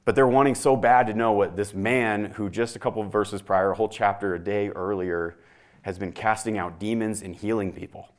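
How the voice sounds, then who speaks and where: A man's voice: on the low side, steady tone, fairly quick. A young man preaching in a conversational way, reading scripture aloud and explaining it to a congregation. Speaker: pastor. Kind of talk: sermon.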